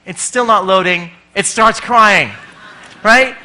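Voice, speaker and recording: Lively male speaker, high and bright, jokey, swears freely. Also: slow. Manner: animated, swears freely, acts out voices. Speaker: conference speaker. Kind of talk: comic conference talk.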